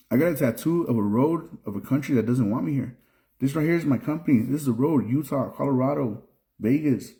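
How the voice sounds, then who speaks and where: Frustrated trucker man, dark mellow voice. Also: medium pitch. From Mexico. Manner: frustrated, repeats himself, restarts phrases. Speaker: trucker and video creator. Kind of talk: casual vlog rant.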